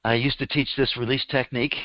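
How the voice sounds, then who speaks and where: A man's voice: medium pitch, little pitch movement, fast talker, dry recording. Middle-aged male workshop teacher, conversational storyteller, dry dull lo-fi recording. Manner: chatty storytelling, laughs at his own stories. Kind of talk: live workshop talk. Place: room with a live audience.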